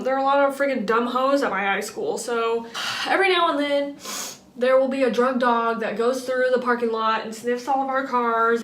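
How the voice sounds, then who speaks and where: A woman's voice: high-pitched, a bit bright. A young woman telling stories in a chatty, self-deprecating way while cooking in her kitchen. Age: young adult. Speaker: vlogger. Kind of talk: casual storytelling vlog. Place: home kitchen. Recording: echoey room, faint background noise.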